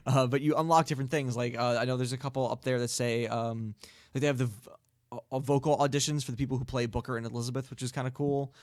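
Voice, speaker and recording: A man's voice: medium pitch, fairly even intonation, fast talker, darkish tone, no room sound, clean studio sound. A man co-hosting an internet radio show, chatting casually about video games with lots of fillers and laughter. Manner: rambling, laughs often, many fillers. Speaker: co-host.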